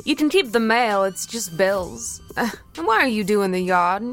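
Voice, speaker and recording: A woman voicing a gruff, teasing older man neighbor with a growling southern drawl, raised in pitch and energy. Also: sing-song, moderate pace, faint music behind.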